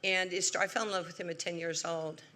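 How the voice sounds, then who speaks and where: A woman in her sixties with a New York accent, giving an award acceptance speech as a lively, humorous storyteller. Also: on the low side, fast talker. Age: 60s. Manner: lively, humorous storyteller, acts out quoted voices. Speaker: award honoree. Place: large event hall.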